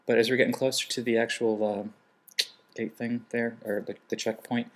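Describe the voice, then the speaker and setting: A man's voice: on the low side, little pitch movement, fairly quick. A man vlogging casually, telling a humorous travel story and acting out what people said. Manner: humorous, acts out quoted lines in other voices.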